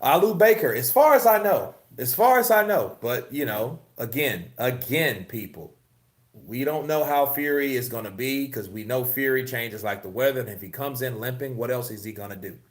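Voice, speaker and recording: A man's voice: mid-range voice, lively intonation, normal speed. A man hosting a casual live-stream about boxing news, swearing, laughing and reading the chat. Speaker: host.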